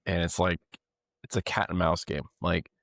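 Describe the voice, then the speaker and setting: Gravelly low-voiced man, podcast host. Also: steady tone, moderate pace, fairly bright tone, no room sound. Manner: rambling, laughing storyteller. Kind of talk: casual chat.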